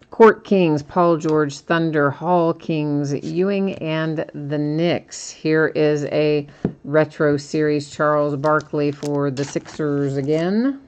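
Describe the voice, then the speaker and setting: Host, female, low-pitched, casual stream talk, rattles off card names, chats with viewers. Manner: casual, reads card names in a steady list, answers viewers by name. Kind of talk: live stream card opening with chat replies.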